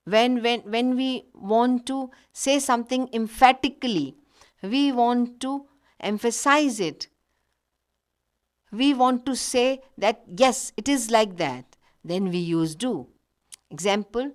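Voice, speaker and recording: A woman gives a recorded grammar lesson in a fairly high voice that rises and falls a lot. She speaks slowly and patiently, stopping to give example after example. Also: lively intonation. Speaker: English teacher.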